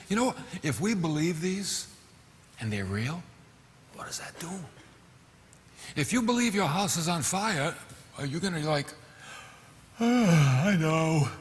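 A middle-aged man preaching a sermon as pastor, animated, acting out quoted voices and breaking into sudden shouts. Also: fairly high pitch, a little slow, pauses often, big-room sound. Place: church hall.

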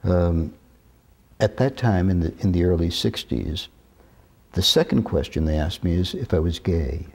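A man in his sixties from New York, telling stories in an interview with measured, deliberate, careful diction. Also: low voice, animated, slightly rough. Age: 60s. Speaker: interview guest. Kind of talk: reminiscing interview talk.

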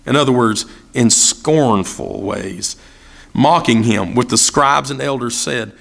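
A man's voice: medium pitch, takes it slowly, gravelly, fairly bright tone. A man preaching a sermon as pastor, asking repeated rhetorical questions and acting out the voices of people he quotes. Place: church sanctuary.

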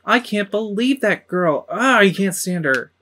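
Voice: mid-range voice, animated, unhurried, fairly bright tone, voice pushed up. A game streamer voicing a sassy young female goomba in a snippy, indignant tone.

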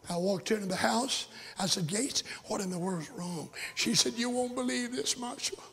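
An older man preaching a sermon, telling a story with fervent delivery that swings from shouts to whispers, in a raspy voice. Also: high-pitched, normal speed. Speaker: pastor. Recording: echoey hall.

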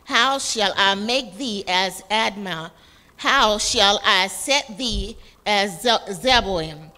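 Slow, bright-voiced woman reading scripture. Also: mid-range voice, in a large hall. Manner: careful, deliberate reading of verses. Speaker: class member reading aloud.

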